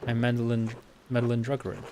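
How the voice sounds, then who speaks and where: A man's voice: mid-range voice, completely flat delivery, fast talker, darkish tone, a little hiss or hum, lightly acted. A man reading a practical young woman. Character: young woman printer's daughter, practical and modest.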